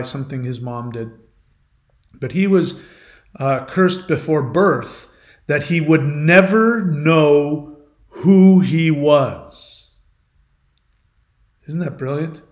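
A man hosting his channel, telling a myth as a lesson in a conversational way, with explanatory asides to the listener. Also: on the high side. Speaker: channel host. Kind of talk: storytelling, retelling a myth as a lesson. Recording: roomy echo.

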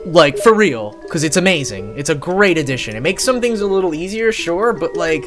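A live-streamer giving casual, jokey commentary while playing a horror video game, swearing offhandedly, laughing often and chatting with viewers. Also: mid-range voice. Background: game music.

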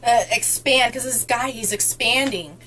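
A young woman from Indiana hosts a casual book chat with friends, bubbly and quick to laugh. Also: fairly high pitch, a little hiss or hum, poor audio. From North Central Indiana, US. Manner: bubbly, excitable, laughs often. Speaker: book vlogger hosting a book tag.

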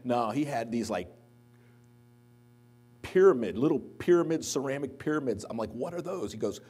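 A man, probably a pastor, with a medium-pitched, slightly rough voice gives a eulogy at a church memorial service, speaking at normal speed in the sanctuary. His storytelling is anecdotal, growing lively when he quotes others.

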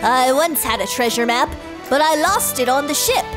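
A woman voicing a kind, soft-spoken male pirate captain who feels he let his crew down, over background music. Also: high-pitched, expressive, normal speed. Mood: musing. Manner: gentle, downcast.

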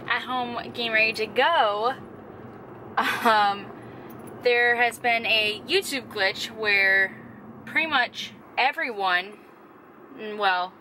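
A woman's voice: on the high side, sharp tone, a little hiss or hum, poor audio. A young woman vlogging in a casual, rambling, self-deprecating way, sounding tired and drained. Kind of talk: casual vlog chat. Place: car and home.

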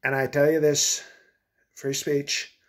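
A man's voice: fairly high pitch, little pitch movement, slow pace. A man doing a comedic impression of a boastful older male ex-president who rambles and repeats himself. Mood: blustering. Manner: rambling, repetitive, self-aggrandizing.

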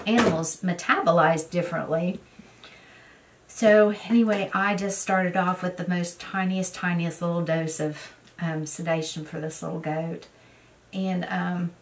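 A woman vlogger in casual chat, her voice sitting fairly low for a woman. She rambles through stories with plenty of fillers and restarts, heard from a slightly distant mic. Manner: rambling storyteller, many fillers. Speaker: beauty vlogger. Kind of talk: casual get-ready-with-me chat.

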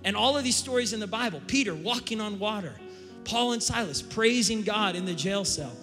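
A man's voice: high voice, animated, fairly quick, pushed and bright. A man preaching a sermon as pastor, in a casual storytelling manner with a chatty drawl, on a stage microphone in a large church auditorium. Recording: long hall reverb, faint music.

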